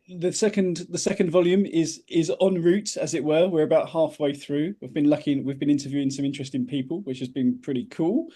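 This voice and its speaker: A man with a somewhat high, warm, mellow voice speaks modestly as a jury member at an online awards ceremony. His delivery is relaxed, with slight hesitations. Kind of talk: casual ceremony remarks.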